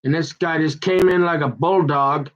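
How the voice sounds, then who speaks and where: A man telling a long, aggrieved personal story in a rambling monologue, halting and restarting his sentences as he goes. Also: on the high side, fairly even intonation, fairly bright tone. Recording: dull muffled lo-fi recording.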